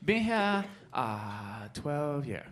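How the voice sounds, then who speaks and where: A man playing a nervous woman who speaks in halting, broken phrases with many pauses. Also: a little high, big pitch swings, a bit bright, full character voice. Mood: hesitant. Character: nervous woman in jury pool, halting speech. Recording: live club audience and room noise.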